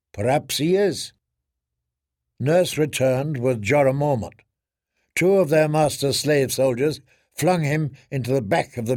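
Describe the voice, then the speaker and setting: Slow, gravelly male audiobook narrator. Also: medium pitch, a little mellow, dry recording, clean studio sound. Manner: measured, dramatic storytelling.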